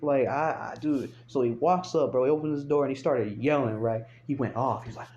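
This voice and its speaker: A man's voice: mid-range voice, fairly quick, hardly any pauses, darkish tone, a little hiss or hum. A young man telling a rambling, profane story in casual speech, recorded on a phone. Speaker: storyteller vlogger. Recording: dull lo-fi phone audio.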